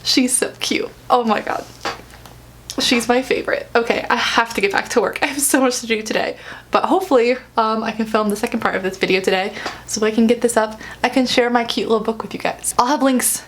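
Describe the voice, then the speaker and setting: A young woman chatting to camera at home as an author vlogger, bubbly and chatty, gushing with excitement over her new book. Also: on the high side, quick pace, slight background noise. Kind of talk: casual chat to camera.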